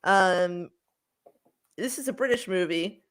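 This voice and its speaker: A woman's voice: on the low side, takes it slowly, clear, resonant tone. A woman co-hosting a podcast in casual chat, giggly and rambling, with lots of fillers and repeated words. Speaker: podcast co-host.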